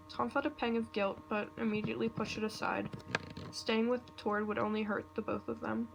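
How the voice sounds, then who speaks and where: A woman reading a fan story aloud in a nervous, halting way, breaking off now and then. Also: on the high side, steady tone, vocal fry. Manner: nervous, self-interrupting reading with asides. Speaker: reader. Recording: noisy home recording with computer clicks.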